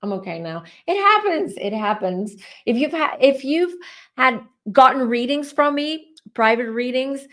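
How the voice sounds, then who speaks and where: A woman's voice: fairly high pitch, a little slow, fairly bright tone. A middle-aged woman doing a live tarot reading, talking in a rambling, chatty and openly emotional way. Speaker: tarot reader.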